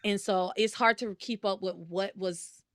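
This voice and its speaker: A woman's voice: mid-range voice, fairly even intonation, measured pace, fairly bright tone, dry recording, studio quality. A woman hosting a podcast, chatting casually about a soap opera, laughing often and swearing freely. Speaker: podcast host.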